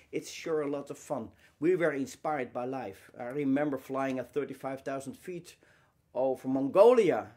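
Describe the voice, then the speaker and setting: A man giving an inspirational lecture, emphatic and full of rhetorical questions, speaking in short phrases with pauses and repeating key words. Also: on the high side, a little mellow.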